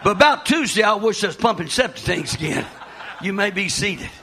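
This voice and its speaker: A man, preaching a sermon as pastor in a folksy way, often shouting and repeating himself. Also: sits high, expressive, a little fast, slight background noise.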